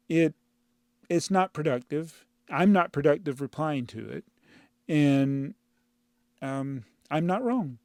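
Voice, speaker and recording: A man with a fairly high-pitched, darkish voice hosts a channel and replies to viewer comments, rambling, exasperated, and often laughing in casual chat. He records in a home studio through a clip-on mic inside a brick-built housing, with no echo.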